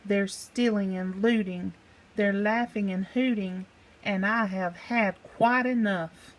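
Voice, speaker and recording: A huffy, fearless little farm cat who scolds in a raised, higher voice, as a woman reading a storybook puts her on. She sounds cross and determined. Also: fairly even intonation, takes it slowly, natural voice, low-quality recording. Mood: indignant. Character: brave, indignant black-and-white farm cat. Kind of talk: storybook read-aloud.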